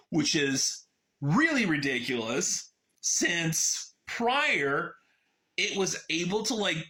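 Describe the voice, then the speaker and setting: Animated, sarcastic man reviewing a book. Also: sits high. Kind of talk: casual book summary.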